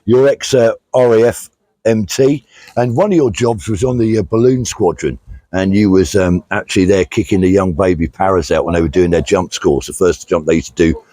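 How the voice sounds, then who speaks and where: A man's voice: deep voice, normal speed, dark tone, no room sound. A middle-aged British man hosting a casual vlog outdoors, chatting plainly and reading out thank-yous to donors, with many fillers. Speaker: vlog host, charity walker. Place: outdoors on a country walk.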